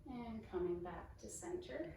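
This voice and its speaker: A woman fitness instructor guiding a yoga class with calm, encouraging step-by-step cues. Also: a little high, measured pace, creaky, distant mic, a little hiss or hum. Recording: echoey room, voice off-mic.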